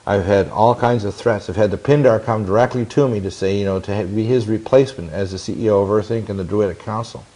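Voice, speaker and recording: A man's voice: fairly low pitch, fairly even intonation, fast talker, hardly any pauses, dark tone. A man in his sixties telling long stories in an interview, intense and rambling, with many restarts and quoted dialogue. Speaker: interview guest. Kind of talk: long-winded interview storytelling.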